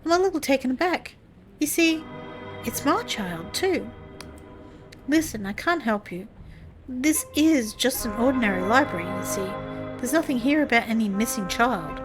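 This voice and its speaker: A woman's voice: a little high, expressive, moderate pace, natural voice. A woman voicing an evasive late-middle-aged librarian in a game, speaking in a sugary way and calling people dearie, with game music behind. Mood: shaken.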